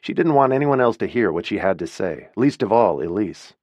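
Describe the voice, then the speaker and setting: A man narrates a novel with expressive, story-driven reading. His voice sits low and moves a lot in pitch, and the recording is dry and close, with no room sound. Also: brisk, no room sound. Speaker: audiobook narrator.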